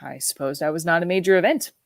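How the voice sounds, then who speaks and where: A woman narrates a novel in a measured, reflective audiobook reading. Her voice sits fairly low and is recorded close and dry, with no room echo. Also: vocal fry. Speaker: audiobook reader.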